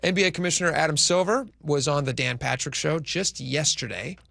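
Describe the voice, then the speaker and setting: A man's voice: fairly high pitch, brisk, creaky, fairly bright tone. A man co-hosting a radio talk show, chatting casually about sports and asking his co-host questions. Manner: conversational, asks co-host questions.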